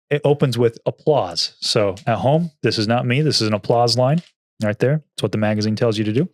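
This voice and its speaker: A man's voice: medium pitch, brisk, no room sound, studio quality. A man co-hosting a casual podcast, reading from an old magazine and laughing often. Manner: animated, laughs often, reads quotes aloud. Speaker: podcast co-host.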